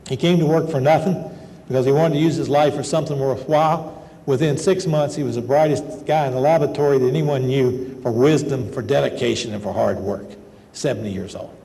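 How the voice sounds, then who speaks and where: A man's voice: medium pitch, fairly even intonation, fairly quick, mellow. An older man, a medical school professor, giving a lecture in a folksy, conversational storytelling manner. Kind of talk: lecture with personal stories. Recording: lecture hall with long reverb and faint noise.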